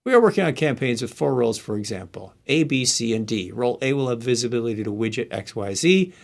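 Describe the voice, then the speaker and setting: A man's voice: mid-range voice, lively intonation, quick pace, gravelly. Man thinking aloud during a tech stream. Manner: thinks aloud while typing, muttering asides. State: hiccups. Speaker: live stream host. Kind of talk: casual screen-share tech walkthrough.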